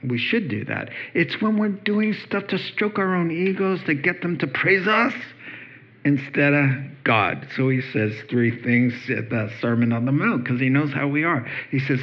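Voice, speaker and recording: A man's voice: on the high side, animated, a little slow, muffled recording. A man preaching a conversational sermon as pastor, joking and acting out the people in his stories. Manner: conversational, joking, acts out quoted voices.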